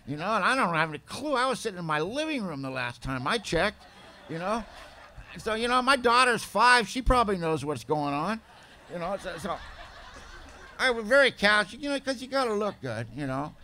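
A man's voice: high-pitched, big pitch swings, normal speed, sharp tone, a little hiss or hum. A man telling his own story as a speaker at a recovery meeting, candid and plain-spoken. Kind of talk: personal testimony storytelling.

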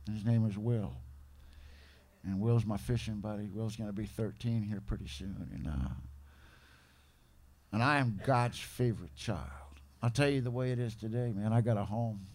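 Middle-aged man, recovery meeting speaker, casual slangy testimony, mid-pitched voice, acts out others' lines. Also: a little mellow. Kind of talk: personal testimony storytelling.

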